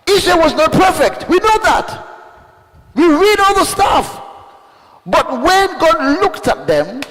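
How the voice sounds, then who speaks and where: A man preaching a fiery sermon as a bishop, calling out questions to the congregation and bursting into shouts. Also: extremely high pitch, big pitch swings, slow pace. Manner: call-and-response, shouting bursts, rhetorical questions. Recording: long hall reverb.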